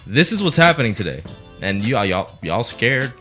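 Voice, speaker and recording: A man's voice: very animated, moderate pace, bright, forceful tone, faint music behind. A man hosting a casual radio show, joking and bantering with his co-hosts. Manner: joking, talks up a deep "radio voice".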